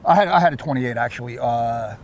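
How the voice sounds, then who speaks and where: A man with a New York accent, chatting casually about fishing and telling animated stories, repeating and restarting his words. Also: mid-range voice, a little fast, slight background noise. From Queens, New York. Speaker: surf fisherman. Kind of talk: casual chat.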